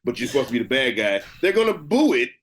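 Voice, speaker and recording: A man hosting a podcast in casual chat, excitable and rambling, often stumbling over his words. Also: medium pitch, quick pace, over a noisy crowd. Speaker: podcast host.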